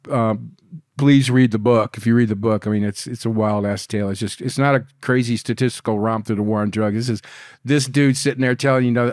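A man in his sixties, a podcast guest telling wild stories in a rambling, profane, animated way. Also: medium pitch, no echo, clean studio sound. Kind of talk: casual storytelling interview.

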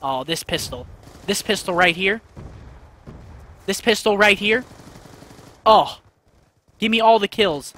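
A man giving live gameplay commentary as a gaming video host, excitable and slangy, breaking into loud, swearing outbursts. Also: high voice, slow, pauses often. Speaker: gaming YouTuber.

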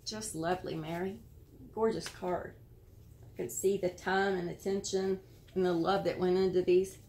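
An American woman hosting a casual show-and-tell of handmade cards, admiring and gentle, sometimes searching for words. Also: on the low side, steady tone, normal speed, a little hiss or hum. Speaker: card-making channel host.

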